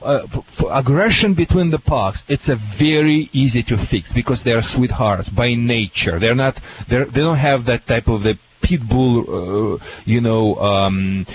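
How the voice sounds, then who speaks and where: A man with a Russian accent gives dog-training advice to callers on a call-in radio show, talking in a halting, jokey, excitable way. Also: mid-range voice. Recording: dull lo-fi radio audio with faint hiss.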